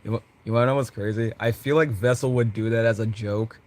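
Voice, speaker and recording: A man rambling excitedly about his characters, giggling and restarting his sentences often. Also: fairly low pitch, quick pace. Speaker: content creator.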